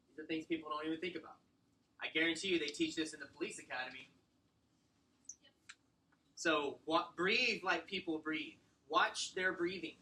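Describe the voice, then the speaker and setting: A man giving a casual sales training talk, animated and acting out client exchanges. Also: a little high, low-quality recording. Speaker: real estate sales trainer.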